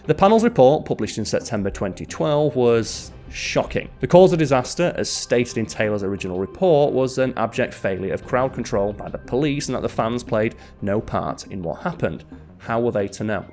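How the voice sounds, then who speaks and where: A man narrating a scripted history documentary, measured, with dry and wry asides. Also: medium pitch, lively intonation, a little mellow, faint music behind.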